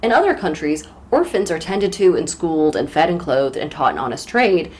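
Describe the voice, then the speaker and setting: A woman with a fairly low voice co-hosts a book podcast. She sums up the plot in a casual way and drops wry jokes. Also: sing-song, moderate pace, darkish tone. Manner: wry, joking asides. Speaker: podcast co-host.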